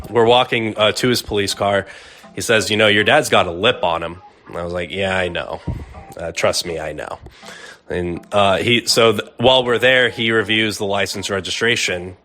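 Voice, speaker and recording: A young man from Arizona telling a personal story in a relaxed, conversational way with lots of fillers. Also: on the low side. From Arizona, USA. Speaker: storyteller guest. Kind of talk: casual storytelling.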